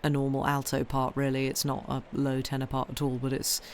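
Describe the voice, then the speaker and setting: Woman host, slightly croaky, casual chatty stream talk. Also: very deep voice, monotone, brisk, a little mellow. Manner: chatty and rambling, reads viewer comments aloud. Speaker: host of a story-reading stream. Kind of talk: casual chat with viewers.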